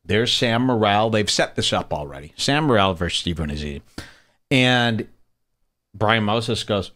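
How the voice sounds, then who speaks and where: A man's voice: fairly low pitch, a little slow. A man hosting a podcast, talking casually and sarcastically as he comments on video clips in a studio. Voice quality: sarcastic, animated storyteller. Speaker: podcast host. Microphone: studio microphone.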